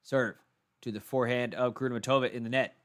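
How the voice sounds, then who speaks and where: Calm Texan man calling tennis play-by-play. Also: mid-range voice, quick pace. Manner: calm play-by-play with brief asides. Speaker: tennis commentator. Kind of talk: live solo watchalong commentary.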